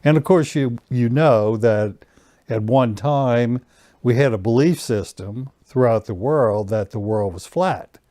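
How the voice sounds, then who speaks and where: A man teaching a personal growth lesson, giving slow, calm guiding instructions and leading breathing exercises. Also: mid-range voice, dry recording, studio quality.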